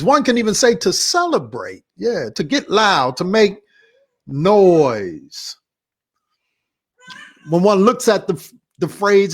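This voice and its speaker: Man, pastor host, laid-back sermon recap, unhurried delivery, fairly high voice, repeats phrases. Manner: relaxed, repetitive, slangy preacher's chat.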